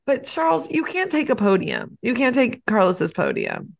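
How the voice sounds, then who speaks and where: Gushing, animated woman chatting casually. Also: fairly high pitch, normal speed, gravelly. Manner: gushing, animated, swears casually, rises into squeals when indignant. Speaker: podcast co-host. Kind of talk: casual chat about motor racing. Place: home, with a snoring dog nearby.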